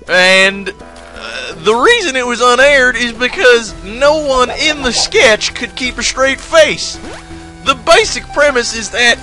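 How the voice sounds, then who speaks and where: A man's voice: extremely high pitch, bright, forceful tone, voice pushed up, exaggerated voice. A man voicing a folksy, rambling old male prospector while commenting on a game.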